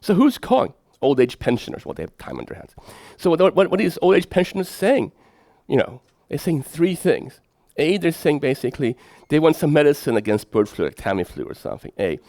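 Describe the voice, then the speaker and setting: Professor, lively storytelling. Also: male voice, a little high, a little fast, creaky, no echo, studio quality. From Sweden. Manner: lively storyteller who asks the audience rhetorical questions. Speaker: professor lecturing. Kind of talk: lecture with anecdotes.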